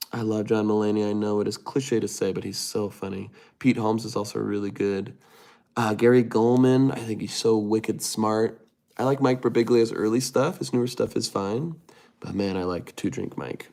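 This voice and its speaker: A man's voice: on the low side, moderate pace, creaky, warm tone. A man hosting a casual livestream, reading viewer comments aloud and muttering to himself while he types. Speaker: livestream host.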